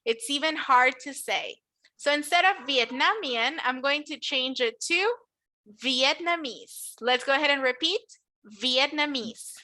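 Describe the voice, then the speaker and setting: A woman teaching an online English class, saying words slowly for students to repeat. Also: sits high, pushed and bright. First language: Spanish. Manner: slow, drawn-out model words for repeating.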